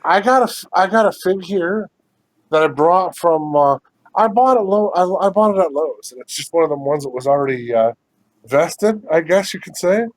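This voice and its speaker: A man's voice: on the high side, lively intonation, moderate pace, no room sound. A man co-hosting a podcast, talking over a video call, laid-back, rambling and swearing casually. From United States. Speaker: podcast co-host. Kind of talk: casual chat.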